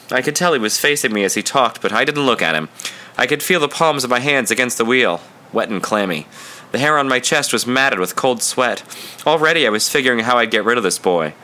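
A man reading a first-person story aloud in an intense, confessional, measured narration. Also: medium pitch, expressive, pushed and bright. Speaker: audiobook reader.

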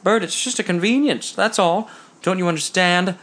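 A man voicing a self-assured, jovial man who talks in a loud, teasing way. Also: high voice, normal speed, voice pushed up. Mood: persuasive.

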